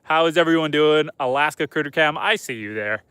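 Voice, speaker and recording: A man's voice: on the high side, brisk, bright, forceful tone, smooth, dry recording. A young man casually chatting on a night-time farm livestream outdoors, talking to his animals and reading viewer comments aloud. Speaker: homesteader hosting a livestream.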